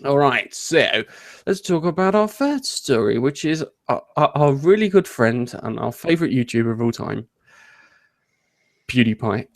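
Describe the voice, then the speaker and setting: A man's voice: medium pitch, expressive, moderate pace. A man hosting a casual gaming news chat, rambling, jokey and often interrupting himself. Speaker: host.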